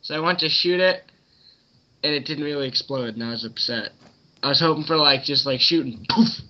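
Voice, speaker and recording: A man's voice: medium pitch, fairly quick, bright, forceful tone, dull audio. A young man on a podcast, telling a loose, rambling story in casual chat with plenty of swearing. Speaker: podcast co-host.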